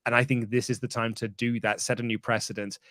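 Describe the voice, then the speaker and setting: A man's voice: medium pitch, little pitch movement, fast, fairly bright tone, dry recording, clean studio sound. A man guesting on a casual podcast, chatty and teasing, often restarting his sentences mid-thought. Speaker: guest pundit.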